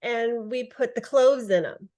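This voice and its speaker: Woman with a fairly high voice, answering briefly. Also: a little slow, a little mellow. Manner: brief, plain replies. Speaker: participant in a reading. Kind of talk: casual answers in a video call.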